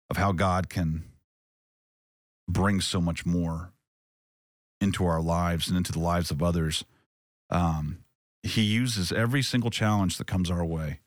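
A man's voice: low voice, dry recording, studio quality. A man hosting a casual faith podcast, talking earnestly and reflectively, often restarting his sentences. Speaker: podcast host.

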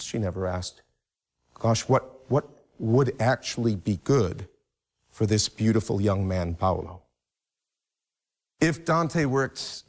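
A man lecturing on a text at an unhurried pace. His pitch rises and falls widely as he leans on key phrases and repeats them for emphasis. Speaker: literature lecturer. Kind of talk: close-reading lecture.

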